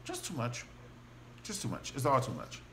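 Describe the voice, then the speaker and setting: A man casually recapping a TV drama, gossipy and animated, acting out the characters' lines as he goes. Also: medium pitch, normal speed, a little hiss or hum. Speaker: TV show reviewer.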